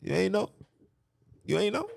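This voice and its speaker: Animated preachy podcast man, lively pitch. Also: normal speed, gravelly, dry recording. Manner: animated, preachy, repeats himself for emphasis. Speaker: podcast host. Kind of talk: impassioned religious monologue.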